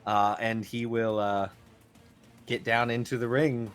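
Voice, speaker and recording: Guy dm narrating slow, lots of ums and likes, gets animated. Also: mid-range voice, soft background music. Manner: rambling, full of fillers, animated. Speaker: dungeon master. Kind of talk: narrating a tabletop game.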